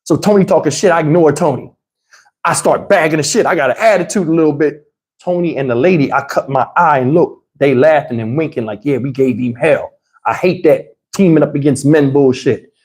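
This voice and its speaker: A middle-aged man tells a profane, animated story to his livestream chat. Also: a little fast. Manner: animated, profane, swings into high voices to mimic others. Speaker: livestream host.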